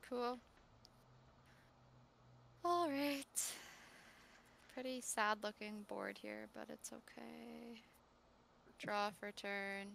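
A woman playing a card game, thinking out loud and hesitating with many pauses. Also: on the high side, vocal fry, slight background noise. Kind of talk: casual game-table chat.

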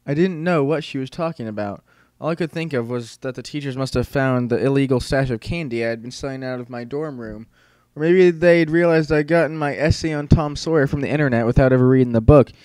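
A man's voice: mid-range voice, a little fast, darkish tone, no echo. Dry, close-miked male audiobook narrator. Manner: casual, wry teenage-boy storytelling. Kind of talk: first-person audiobook narration.

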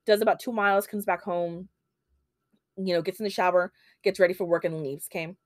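A woman's voice: fairly low pitch, fairly even intonation, fairly quick, no room sound, studio quality. A woman hosting a podcast and retelling a true crime case in a casual, chatty way, full of fillers and bits of Spanish. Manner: chatty, many fillers, drops Spanish phrases; acts out quoted lines in a heated voice. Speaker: podcast host.

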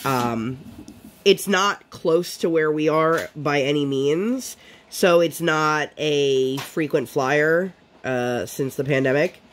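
A woman's voice: low-pitched, slow pace, a little hiss or hum. Chatty woman vlogger, rambling. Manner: chatty, rambling, heavy with fillers. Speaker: crafting vlogger. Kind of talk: casual chat while crafting.

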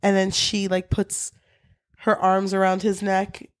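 A woman's voice: mid-range voice, a little slow, no room sound, clean studio sound. A woman co-hosting a casual book-review chat, retelling the story with a lot of swearing and laughter. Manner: profane, animated retelling with laughs. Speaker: podcast co-host.

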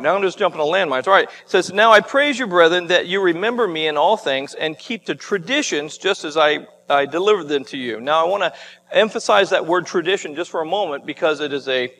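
A man's voice: sits high, fairly bright tone, long reverb tail, a little hiss or hum. A man preaching a sermon as pastor, in a conversational style with frequent restarts and asides. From United States. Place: church sanctuary.

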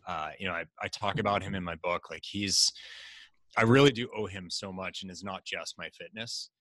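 A middle-aged man being interviewed, telling stories in a casual, animated way and acting out the voices of people he quotes. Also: low voice, moderate pace, dry recording. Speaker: guest.

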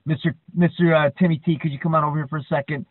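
A man's voice: a little high, steady tone, very fast, slightly rough, no echo. A man voicing a polite but firm gym manager, over a thin phone-like line. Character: calm ponytailed male gym manager who does aikido. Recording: dry, tinny phone-like line.

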